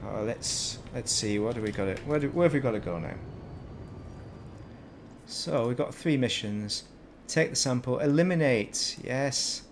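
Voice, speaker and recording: This man from Northern England speaks at a medium pitch and a measured pace, with slight background noise. He casually commentates his gameplay stream and drifts into rambling, self-deprecating asides.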